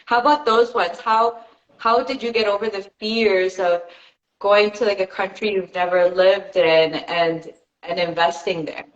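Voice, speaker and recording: A woman's voice: medium pitch, steady tone, unhurried, reverberant, muffled recording. A woman podcast host asking questions in a casual interview, chatty and encouraging, with many "like" fillers.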